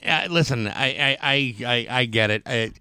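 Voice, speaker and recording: A man's voice: mid-range voice, normal speed, sharp tone, clear, resonant tone, no room sound. A man co-hosting a radio show, chatting casually with dry teasing and frequent stumbles and repeated words.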